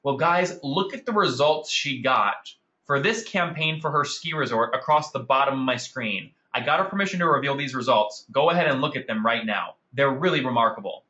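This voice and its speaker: A man's voice: medium pitch, expressive, normal speed, sharp tone, muffled recording. A man hosting a marketing webinar, talking enthusiastically and calling out attendees by name. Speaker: webinar host. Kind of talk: upbeat marketing webinar presentation.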